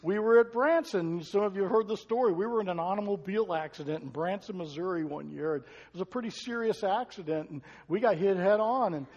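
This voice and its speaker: An older man preaching a sermon, telling stories with emphatic swells and soft asides. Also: high voice, a little fast, few pauses, in a large hall, muffled recording. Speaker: pastor.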